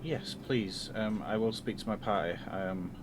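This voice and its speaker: A man playing a tabletop game, speaking hesitantly and politely with many pauses and ums. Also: fairly low pitch, background noise. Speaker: player.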